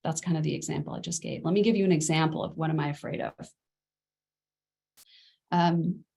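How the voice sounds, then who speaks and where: Vrouw die ouderschapsles geeft. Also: female voice, low-pitched, steady tone, a little fast, gravelly, darkish tone. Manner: conversational, acts out parent and child quotes. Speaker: parenting coach. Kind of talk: spoken masterclass lesson.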